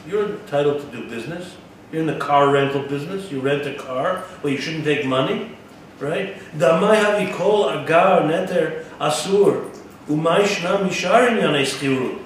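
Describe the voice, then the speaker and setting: A man giving a Torah-study lesson, reading a Hebrew text aloud, translating it, and asking his listeners rhetorical questions. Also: on the high side. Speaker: Torah teacher. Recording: echoey room, distant mic, faint background noise.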